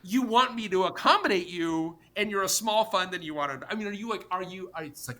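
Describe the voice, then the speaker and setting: A middle-aged man, a podcast guest, telling an animated story in an emphatic, exasperated way, blunt and sometimes profane, talking in rapid bursts full of restarts. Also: sits high. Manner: talks in rapid bursts with many restarts and fillers. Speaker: podcast guest, tech company co-founder.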